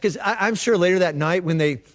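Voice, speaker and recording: A man preaching a casual sermon, telling the story in a relaxed, chatty way with slang and repeated words. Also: high voice, fairly quick, big-room sound. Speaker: pastor. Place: church auditorium.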